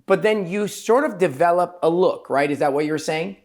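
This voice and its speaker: Rambling, emphatic man hosting a chat. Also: high-pitched. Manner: rambling, emphatic, quotes patients in quick asides. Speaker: plastic surgeon hosting a podcast. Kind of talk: casual interview chat.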